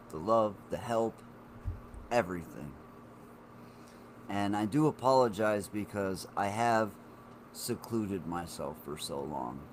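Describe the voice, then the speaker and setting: Slow-talking profane man in his forties. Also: lowish voice, slight background noise. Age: 40s. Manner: rambling and profane, talking to chat viewers. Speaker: live streamer. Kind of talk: casual live-stream chat.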